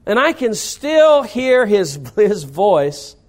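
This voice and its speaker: A man's voice: sits high, sing-song, slow. A middle-aged man from North Carolina, a pastor preaching a sermon with rising emphasis.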